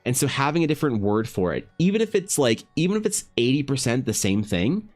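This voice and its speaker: A man's voice: medium pitch, sing-song, a little fast, a little mellow, soft background music. A man streaming his art and chatting casually, rambling with many restarts and filler words and greeting viewers directly. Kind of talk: casual live-stream monologue.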